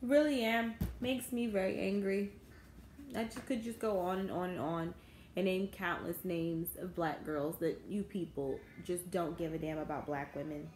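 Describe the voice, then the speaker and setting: A woman's voice: lowish voice, steady tone, normal speed, darkish tone. A woman, ranting to her viewers in a bitter, indignant vlog. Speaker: vlogger. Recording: echoey room, faint background noise.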